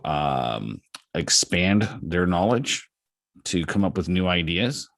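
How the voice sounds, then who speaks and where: A man's voice: deep voice, dry recording. A man hosting a business mastermind call, giving folksy, encouraging advice with many fillers and restarts. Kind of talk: casual coaching talk.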